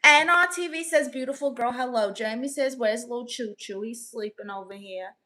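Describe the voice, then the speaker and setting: Brooklyn woman, bright fairly high voice, sassy host reading chat with quick comebacks. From Brooklyn, New York. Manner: sassy, quick comebacks, reads comments aloud. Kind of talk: casual livestream chat.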